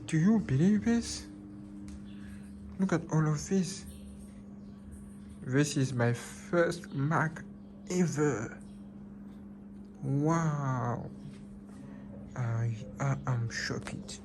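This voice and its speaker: Male vlogger, slow excitable unboxing delivery, phone-recorded with a noisy background. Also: on the high side. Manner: excitable, repeats himself, exclaims in disbelief. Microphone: phone camera.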